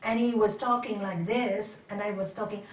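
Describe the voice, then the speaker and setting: A middle-aged woman giving an animated spiritual talk to an audience as a yoga teacher, asking questions and laughing often. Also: mid-range voice, moderate pace, a little hiss or hum. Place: lecture hall. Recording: roomy hall from far off.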